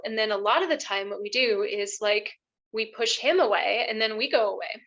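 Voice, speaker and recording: A woman's voice: medium pitch, normal speed, sharp tone, highs cut off. Earnest woman love coach, a bit emotional. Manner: earnest, tender, uses many fillers. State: emotional, choking up. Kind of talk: casual podcast conversation.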